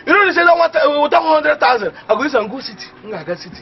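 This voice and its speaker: An actor playing an excitable, boastful young village man who talks in Nigerian Pidgin English. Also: very high-pitched, racing, faint music behind. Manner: boastful, excitable, laughing often. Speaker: villager dreaming of going to the city. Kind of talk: comedy film acting. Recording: muffled film audio with faint hiss.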